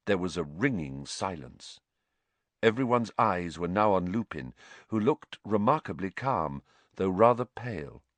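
A man reading an audiobook story with slow, expressive narration. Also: low-pitched, dry recording.

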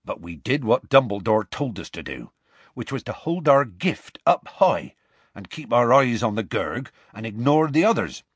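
A man voicing Hagrid, a big gruff half-giant who tells the story in rough, homely speech. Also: mid-range voice, sing-song, dry recording. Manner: rough colloquial grammar, slow homely storytelling.

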